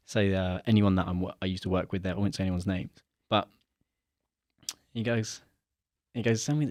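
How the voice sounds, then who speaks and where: A young man telling a story in a casual chat, animated and acting out the dialogue he quotes. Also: sits low, no echo, clean studio sound. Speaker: podcast guest.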